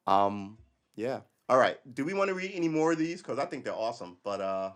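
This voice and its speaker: A man's voice: mid-range voice, sing-song, moderate pace. A middle-aged man, a retired police officer who hosts a casual livestream and talks bluntly, swears freely and often laughs. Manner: blunt, profane, laughs often, restarts a lot.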